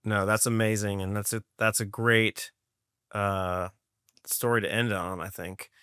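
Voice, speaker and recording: A man's voice: on the low side, level tone, a little slow, bright, forceful tone, clean tone, dry recording, clean studio sound. A man hosting a podcast interview, wrapping up casually and hesitantly with lots of fillers. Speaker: podcast host.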